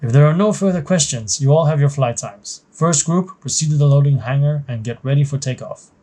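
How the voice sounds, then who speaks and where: Brief: commanding female captain, firm clipped orders, game story, voiced by a man with a mellow voice. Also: a little high, fairly quick, natural voice. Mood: stern. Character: stern woman military captain, commanding.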